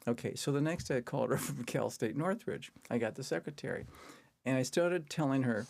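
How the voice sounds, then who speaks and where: Older man with a gravelly voice, chuckling storyteller. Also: medium pitch, brisk, a little mellow. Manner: chuckles through his anecdote; acts out quoted people in a raised voice. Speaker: podcast guest. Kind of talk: casual storytelling.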